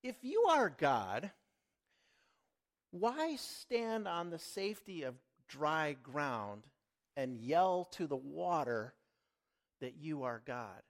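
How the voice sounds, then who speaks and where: A middle-aged man preaches in an earnest, deliberate way, letting his volume swell and fall. His voice sits a little high for a man, and it rises and dips widely as he leans into each point. He keeps an unhurried pace. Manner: earnest, slow and emphatic, with sudden swells and drops in volume. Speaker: lay preacher. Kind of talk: sermon.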